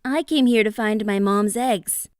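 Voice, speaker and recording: A woman voicing a brave little male ostrich chick in a storybook, speaking high and eager. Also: unhurried, darkish tone, clear, resonant tone, dry recording, clean studio sound, lightly acted. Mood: indignant. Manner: eager, pleading, high-pitched.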